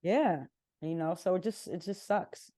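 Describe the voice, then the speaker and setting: A young woman from Southern California tells candid stories as a podcast guest, slipping into her family's voices. Her voice sits a little low, and it is recorded close and dry. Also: a little slow, no room sound. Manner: candid, animated, acts out family members' lines. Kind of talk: casual interview storytelling.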